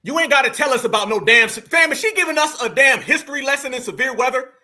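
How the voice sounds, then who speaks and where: A commentary channel host with an extremely high, fast, pushed and bright voice does reaction commentary. He talks animatedly, heckles, and calls out to "y'all."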